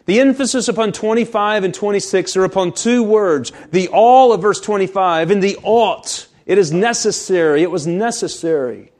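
Man preaching, slow and emphatic. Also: high-pitched, darkish tone. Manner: reads scripture aloud, then explains it with emphasis; slows down to stress key words. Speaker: pastor. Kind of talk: sermon.

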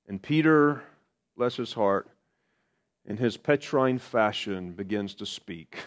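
A man's voice: on the low side, lively intonation, takes it slowly. A man preaching a sermon in a conversational way, repeating key phrases for emphasis.

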